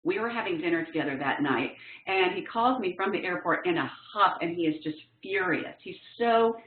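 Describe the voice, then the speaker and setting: A woman's voice: on the low side, normal speed, a little hiss or hum. A woman trainer giving a professional development talk, telling personal stories and acting out what people said. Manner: lively storyteller acting out quotes. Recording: tinny phone-like sound in an echoey room.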